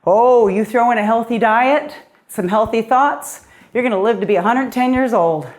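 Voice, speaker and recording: A woman's voice: on the high side, moderate pace, darkish tone. Middle-aged lady fitness coach calling out moves, upbeat and encouraging, bit out of breath. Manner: upbeat, encouraging, counting down reps. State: slightly out of breath. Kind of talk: guided workout instruction.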